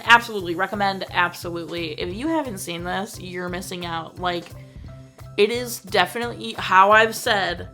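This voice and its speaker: A young woman with a lowish voice casually gushes about a movie she's reviewing, using lots of slang and quoting scenes in lively put-on voices.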